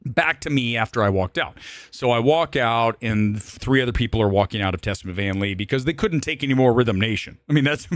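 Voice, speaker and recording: A man hosting a live-stream movie talk show, telling a story in an animated, profane rant and jumping to high shouts when he gets worked up. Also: fairly quick, no room sound. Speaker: host.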